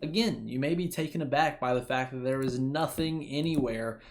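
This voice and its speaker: A man's voice: mid-range voice, moderate pace, a little hiss or hum. A young man hosting a casual game playthrough, talking in a jokey, rambling way and correcting his own slips. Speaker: gaming channel host. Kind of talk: casual let's-play commentary. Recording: music playing behind the voice.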